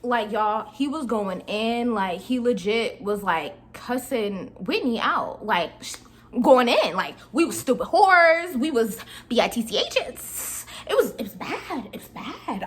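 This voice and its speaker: A woman's voice: a little high, sing-song, measured pace, over music. A young woman vlogger telling a casual storytime, chatty and slangy, talking straight to her viewers.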